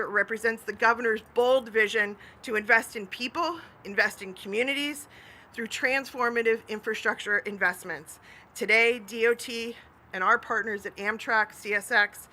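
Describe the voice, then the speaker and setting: Bright, upbeat woman official speaking. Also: a little high. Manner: upbeat, laughs between remarks. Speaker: transportation commissioner. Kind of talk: prepared remarks at a press event.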